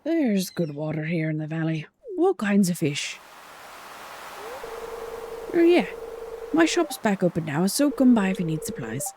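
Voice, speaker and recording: A woman's voice: sing-song, unhurried, pauses often, a little mellow, slight background noise. A woman doing a hearty old fisherman. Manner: folksy, booming, homespun. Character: hearty old male fisherman, folksy and friendly.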